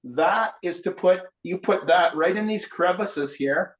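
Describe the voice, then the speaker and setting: A man's voice: sits high, measured pace. A man giving a live painting lesson, chatting and explaining each step while he paints. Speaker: painting instructor. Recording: roomy echo.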